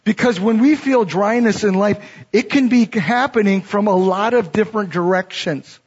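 In a dull lo-fi recording, a middle-aged pastor preaches at a moderate pace, his husky voice sitting high. He reads verses from scripture and follows each with an instructive explanation.

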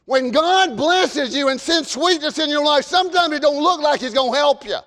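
A man with a Southern US accent preaching a fervent sermon, shifting between shouted warnings and folksy storytelling. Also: extremely high pitch, lively intonation, moderate pace, big-room sound. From American South.

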